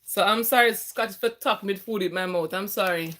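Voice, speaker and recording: A woman's voice: mid-range voice, brisk, fairly bright tone. A woman tutoring math on a casual live stream from her phone, chatty and laughing often, sometimes talking while eating.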